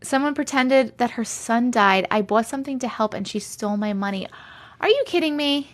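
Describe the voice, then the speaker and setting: A woman with a Long Island accent, chatting casually on a livestream and reading viewer comments, talking in a chatty, animated way full of giggles. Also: a little high, moderate pace. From Long Island, New York. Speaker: livestream host.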